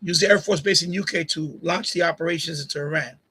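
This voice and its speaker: A man's voice: a little high, fast, bright, forceful tone, breathy edge, low-quality recording. A man hosting a live stream, chatting casually and bluntly with his chat, repeating himself and laughing at comments. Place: home streaming setup. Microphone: USB condenser mic on boom arm.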